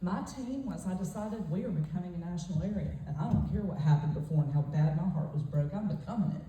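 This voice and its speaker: Woman, motivational speaker, emphatic storytelling, mellow tone, distant from the mic. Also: on the low side. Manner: emphatic, forthright, fast-shifting storytelling. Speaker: motivational speaker at a sales retreat. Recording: echoey hall, voice off-mic.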